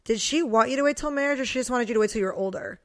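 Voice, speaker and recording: Curious young woman, fairly high voice. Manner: curious, quick follow-up questions, blunt reactions. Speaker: podcast co-host. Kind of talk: casual chat.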